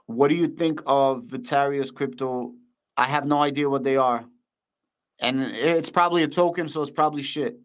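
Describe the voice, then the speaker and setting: A man's voice: medium pitch, normal speed. A young man with a Russian accent hosting a casual livestream, talking bluntly and repeating his thank-yous. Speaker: livestream host.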